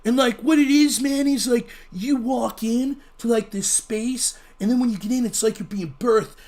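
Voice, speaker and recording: A man putting on the voice of a mellow, preachy male festival hippie who rambles in a laid-back drawl. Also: very high voice, moderate pace, pitched above the performer's own voice. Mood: dreamy, earnest.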